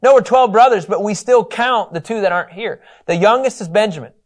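Man reading as anxious grown brothers begging a ruler, higher pitched, insistent. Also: brisk, natural voice. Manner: pleading, insistent. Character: Joseph's anxious adult brothers pleading with governor.

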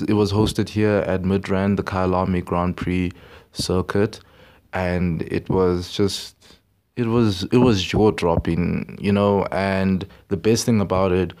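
Young guy, podcast host, very low voice, rambling and excitable. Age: young adult. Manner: rambling, excitable, repeats words. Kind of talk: casual podcast monologue.

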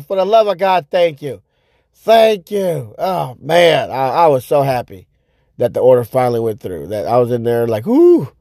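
A man hosting his own podcast, telling a story in a loose, rambling way, with many fillers and repeats, and loudly acting out his own reactions. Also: high-pitched, gravelly, no echo, clean studio sound. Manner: animated, acts out his own past reactions with sudden loud outbursts. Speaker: podcast host. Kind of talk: casual storytelling monologue.

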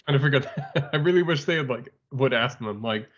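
Husky man making wry asides. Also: medium pitch, expressive, fast talker, fairly bright tone. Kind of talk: casual chat. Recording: dull lo-fi sound.

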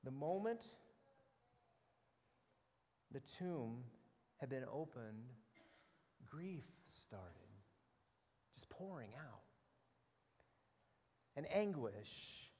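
A middle-aged man preaching a sermon with animated storytelling, often repeating words as he goes. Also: medium pitch, very slow, pauses often, long reverb tail. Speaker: pastor.

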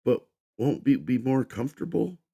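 A man voicing a calm, patient young woman who speaks in a measured way. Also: medium pitch, vocal fry, breathy edge, dry recording, studio quality, voice pushed up.

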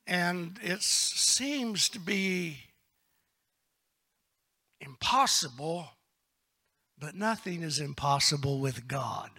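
A man preaching a sermon as pastor, moving between hushed, whispered lines and loud, shouted passages, asking the congregation to respond. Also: high-pitched.

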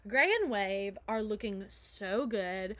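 A woman's voice: medium pitch, slow pace, fairly bright tone, no echo. A young woman co-hosting, telling an improvised comic story in a giggly, rambling way with many "so anyways". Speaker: co-host.

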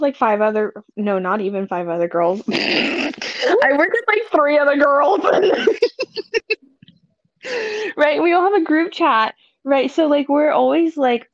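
A woman's voice: high voice, no room sound, dull audio. A woman co-hosting a podcast in casual chat, blunt and sassy, laughing often and tagging her points with "okay?". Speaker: podcast co-host.

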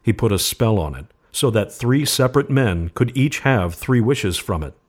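A man's voice: on the low side, lively intonation, normal speed. A man voicing a grave, haunted old sergeant major. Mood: solemn. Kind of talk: storybook reading.

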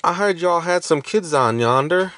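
A man's voice: on the high side, animated, moderate pace, a bit bright, pitched above the performer's own voice. A man doing an impression of a chatty Southern woman neighbor offering homemade donuts, with a put-on Southern accent. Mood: folksy.

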